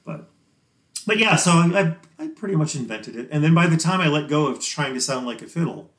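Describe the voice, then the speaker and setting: A man's voice: a little high, expressive, a little fast, a bit bright. Man, podcast guest, casual interview chat, rambling, laughs easily, roomy echo.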